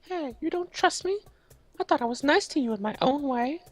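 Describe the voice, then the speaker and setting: A woman's voice: high-pitched, lively intonation, moderate pace, dry recording, faint music behind, pitched above the performer's own voice. A woman voicing a sly, teasing male cat-boy in a game playthrough. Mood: warning.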